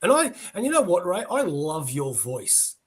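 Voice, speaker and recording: A man's voice: sits high, big pitch swings, normal speed, a crowd in the background. A man, talking casually and bluntly about comics as a guest. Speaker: podcast guest. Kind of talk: casual chat.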